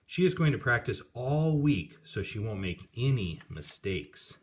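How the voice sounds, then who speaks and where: A man calmly reading a children's picture book aloud. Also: fairly low pitch, unhurried.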